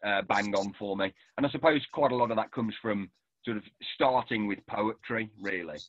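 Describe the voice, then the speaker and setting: A man, a novelist and poet, talking about his writing in a thoughtful way, with pauses and restarts, heard over a video call. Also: on the low side, no room sound, muffled recording. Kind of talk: conversational author interview.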